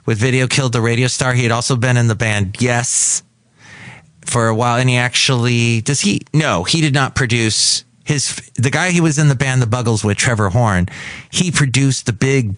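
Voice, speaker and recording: Guy rambling on his solo podcast, dry close sound, mid pitch. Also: smooth, dry recording. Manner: chatty, digressive, self-correcting. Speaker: podcast host.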